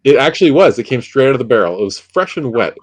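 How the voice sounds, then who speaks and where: A man's voice: mid-range voice, very animated, fast, no echo. A man hosting a live chat stream, joking around, teasing and reading out viewer comments. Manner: teasing, reads out viewer comments in silly voices. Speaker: livestream host.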